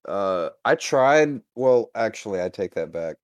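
A man's voice: lowish voice, animated, unhurried, no echo. A man, a new podcast member, answering hesitantly and thinking aloud. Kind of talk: casual chat.

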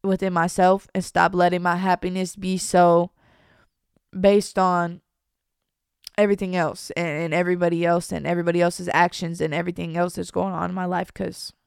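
Young female vlogger, confessional chat, subdued and hesitant delivery, clear smooth tone, dry close sound. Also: on the low side, little pitch movement, dry recording. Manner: halting, trails off, many restarts and fillers; soft and downcast, at times nearly whispering.

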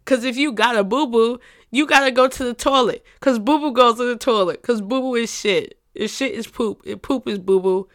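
A woman's voice: fairly high pitch, normal speed. A woman hosting a casual solo podcast monologue, emphatic and repetitive, swearing freely and laughing often. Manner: emphatic and repetitive, with frequent profanity; playful, breaks into laughter. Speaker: podcast host.

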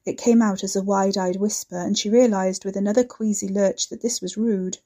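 Mellow-voiced woman narrating a story. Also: mid-range voice, steady tone, moderate pace, few pauses. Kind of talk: serial audiobook narration.

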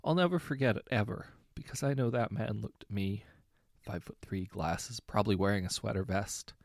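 A man reading short anecdotes aloud in a relaxed, conversational way, correcting himself now and then. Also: lowish voice, moderate pace, no room sound, clean studio sound. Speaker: story narrator.

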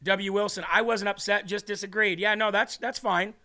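A man's voice: high voice, fairly even intonation, moderate pace, sharp tone. A man hosting a faith podcast, reading viewer comments aloud in an earnest, emotional way and tearing up. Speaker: podcast host.

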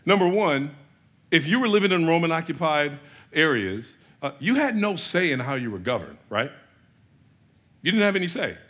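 A pastor preaching a sermon in an animated way, asking rhetorical questions and swinging between loud and soft. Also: male voice, on the high side, normal speed.

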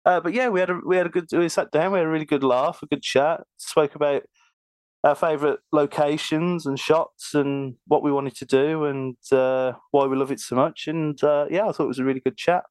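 A man's voice: a little high, fairly even intonation, brisk, a little mellow, clear, resonant tone, no room sound. A man with a Birmingham accent hosting a casual podcast chat, talking loosely with lots of fillers and frequent laughs, recorded over a remote call. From Birmingham, England. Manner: chatty, laughs often, filler-heavy. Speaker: podcast host.

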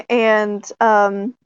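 A fairly high-voiced woman tells a casual story with eager excitement, breaking into laughs and filling pauses with ums and likes. She is a puppeteer. The recording sounds dry and a little dull. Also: clean tone, no echo. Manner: excited, laughing, many fillers.

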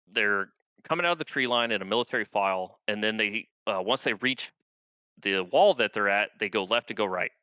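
Laid-back profane man, low voice. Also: fairly quick, sharp tone, clean tone, no echo, lo-fi sound. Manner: laid-back, profane, rambling with many fillers. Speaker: guest, army veteran. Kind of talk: casual war storytelling.

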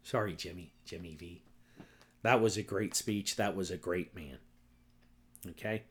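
This solo podcast host is a middle-aged man whose voice sits low and a bit bright, moving at a measured pace. His rant is furious and full of profanity, and he's repetitive, constantly asking "right?" and "okay?" after his points.

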